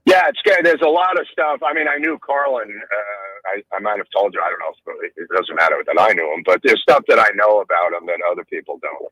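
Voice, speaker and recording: A man guesting on talk radio, his lowish voice bright and sharp-edged. The sound is dry and close, and he speaks in a conversational, confiding way. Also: brisk, slightly rough, no room sound, rough recording. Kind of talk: casual radio interview.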